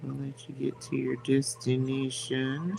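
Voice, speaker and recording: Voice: medium pitch, completely flat delivery, a little slow, gravelly, warm tone, slight background noise. A speaker in a casual stream chat, joking wryly with friends.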